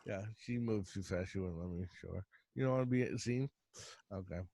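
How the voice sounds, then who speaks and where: This middle-aged man hosts a podcast in a deep, mellow voice with vocal fry, and the sound is dry, close, and echo-free. He's a rambling storyteller in casual chat, talking in quick bursts and laughing often.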